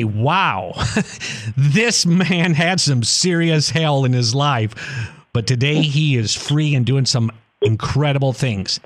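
A man hosting a radio talk show, upbeat and quick to chuckle as he introduces and interviews his guest. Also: medium pitch, expressive, a bit bright, faint music behind.

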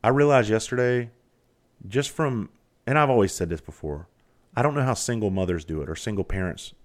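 A man's voice: on the low side, animated, fairly quick. A middle-aged man hosting a podcast, talking through a candid, rambling story with plenty of swearing. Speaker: podcast host. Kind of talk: candid monologue.

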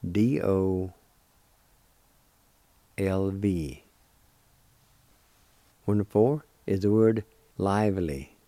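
A male radio host giving a language lesson, spelling and pronouncing words slowly and deliberately. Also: deep voice, warm tone, dry recording.

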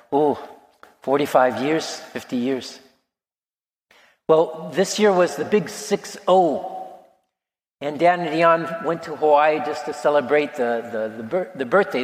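A man around sixty, a priest, preaching a sermon in a gentle, reflective storytelling manner. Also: medium pitch. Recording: long reverb of a large hall.

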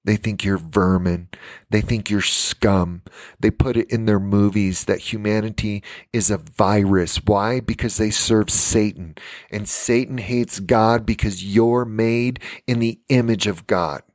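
A man's voice: on the low side, fairly even intonation, unhurried, no room sound, clean studio sound. An American man preaching a fiery live-stream sermon for his podcast, emphatic and tired. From United States.

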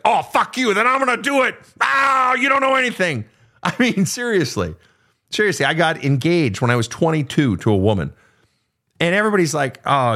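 Profane, animated male advice host. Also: medium pitch. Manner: blunt, profane, animated storytelling. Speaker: podcast host answering listener questions. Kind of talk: casual advice monologue.

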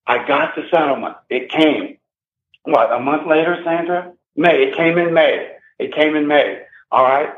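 A man in his sixties, an interview guest, telling his own story in an emphatic, agitated way and repeating himself. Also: a little high. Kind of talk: emotional first-person account. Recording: tinny phone line with echo.

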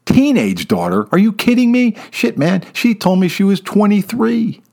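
A man voicing a slow-witted young male baseball pitcher in a spoken story, lifting his voice higher and sounding excitable. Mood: shocked.

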